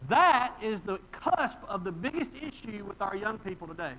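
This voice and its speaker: A man's voice: sits high, big pitch swings, moderate pace, hardly any pauses, bright, forceful tone, dull audio. A pastor preaching a sermon in a folksy, emphatic way, reading scripture and asking his congregation rhetorical questions.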